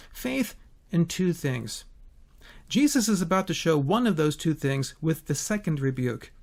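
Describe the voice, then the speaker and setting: Lively man teaching a Bible story. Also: fairly high pitch. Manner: expressive storytelling with rhetorical questions.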